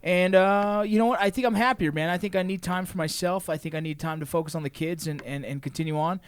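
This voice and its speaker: A man's voice: high-pitched, steady tone, fast talker, clear, resonant tone, dry recording. A man with a slightly raised voice who talks with earnest animation as a podcast host. The recording is dry and close, with no room around him. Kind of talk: casual chat. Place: podcast studio.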